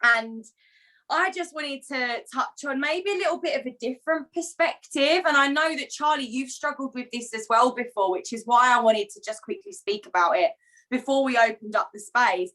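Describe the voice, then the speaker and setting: A woman's voice: sits high, normal speed, fairly bright tone, rough recording. A woman co-hosting an online women's community call, speaking in affirming, emotional reassurances to the group. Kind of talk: supportive group talk. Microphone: video call.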